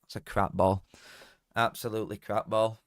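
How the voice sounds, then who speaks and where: Chatty lad, dry sound. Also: male voice, lowish voice, level tone, moderate pace, no room sound. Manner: banter with chat, swings from mutters to shouts. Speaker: watchalong streamer. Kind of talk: casual live match commentary.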